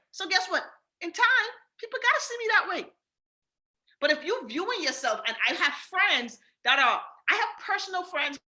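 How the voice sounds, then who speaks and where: Bahamian woman, team trainer: bright, high voice with lots of swing, emphatic and direct. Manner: emphatic, repetitive, addresses listeners directly.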